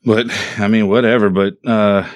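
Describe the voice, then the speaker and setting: A man's voice: lowish voice, flat delivery, moderate pace, dry recording. A man hosting a casual chat with friends, laughing often and pulling the talk back on topic.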